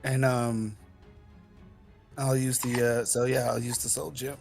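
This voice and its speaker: A man playing in a tabletop game, talking slowly and hesitantly as he works out his moves. Faint music sits under his voice. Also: mid-range voice, little pitch movement, vocal fry. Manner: hesitant, lots of ums and restarts. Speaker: player. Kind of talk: casual tabletop play.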